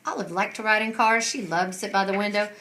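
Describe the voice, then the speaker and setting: A woman reading a children's picture book aloud with expressive narration. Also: mid-range voice, quick pace. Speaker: storyteller. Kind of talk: storybook read-aloud.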